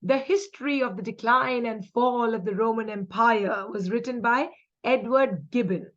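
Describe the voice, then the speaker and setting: A woman's voice: on the high side, moderate pace, lo-fi sound. A woman with an Indian English accent running a quiz-style exam-prep lesson, chatty and upbeat, mixing in Hindi asides.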